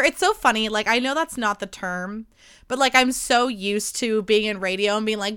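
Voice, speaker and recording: A woman's voice: fairly high pitch, expressive, a little fast, sharp tone, clear, resonant tone. A woman in her twenties hosting a casual solo podcast, bubbly and chatty, saying "like" a lot. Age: 20s. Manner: bubbly, chatty, says "like" often. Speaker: podcast host.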